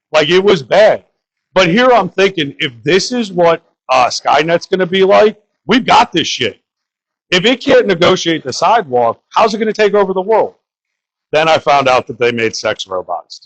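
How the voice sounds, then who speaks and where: A man's voice: fairly high pitch, very animated, moderate pace, a bit bright, rough recording. A young man from the Bronx doing crude, rambling open-mic stand-up and talking to the crowd. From New York (the Bronx). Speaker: stand-up comedian.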